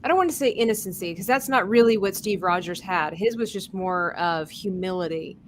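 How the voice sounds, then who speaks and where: Casual young woman co-host, talks in long rambling runs, middle pitch. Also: brisk, slight background noise. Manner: chatty, rambling with restarts. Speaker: podcast co-host. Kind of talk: casual chat.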